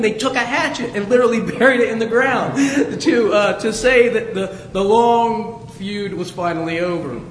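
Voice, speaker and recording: A middle-aged man from Southwest Ohio delivers a sermon, his voice sitting high for a man. He talks in a loose, conversational way and tells stories with a chuckle. The sound rings out with a long reverb, as if recorded in a large church. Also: a bit bright, a little hiss or hum. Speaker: pastor. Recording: echoey hall with reverb.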